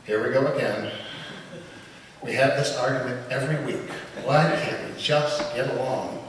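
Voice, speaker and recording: A man's voice: high voice, very animated, moderate pace, background noise, voice pushed up. A tired, pleading churchwoman who just wants everyone to get along, as a man puts her on. The voice echoes from a distance in a large reverberant hall. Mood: weary. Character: weary, peace-seeking churchgoing woman.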